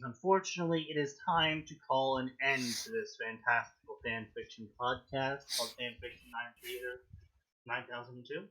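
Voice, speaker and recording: A man's voice: a little high, pushed and bright. A man co-hosting a casual comedy podcast, rambling with lots of fillers while reading fanfiction. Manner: rambling, self-interrupting with fillers. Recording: dull lo-fi mic.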